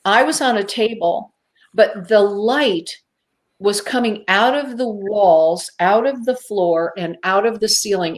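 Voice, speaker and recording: Animated woman telling a vivid story. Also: mid-range voice. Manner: vivid storyteller who acts out her own inner voices. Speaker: guest. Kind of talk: telling a personal story on a talk show.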